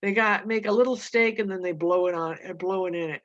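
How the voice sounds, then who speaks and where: A weary working man speaks quietly in a flat monotone, as a woman reader voices him. The recording is dull and lo-fi. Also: medium pitch, fairly quick, no room sound, lightly acted.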